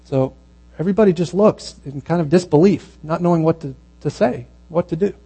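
Preacher, man, slightly high voice, relaxed storytelling sermon, low mains hum under it. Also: creaky, slightly rough, low-quality recording. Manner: conversational storytelling that grows hushed and slow at the moving parts.

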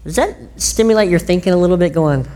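A woman preacher gives an animated, chatty sermon, frequently putting questions to her listeners. Her voice is fairly low in pitch, and she speaks quickly.

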